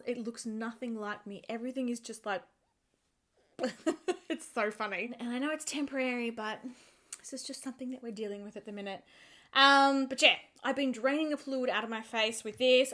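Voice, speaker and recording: A woman beauty vlogger giving a casual, chatty product review, animated and emphatic, often repeating words for effect. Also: fairly high pitch, moderate pace.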